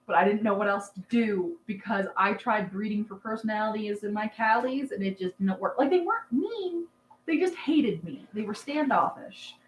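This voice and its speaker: A woman's voice: mid-range voice, expressive, normal speed, echoey room, a little hiss or hum, low-quality recording. A young woman hosting a casual livestream, chatting and answering comments in a rambling, filler-heavy way. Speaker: livestream host, rabbit breeder. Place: dark barn at night.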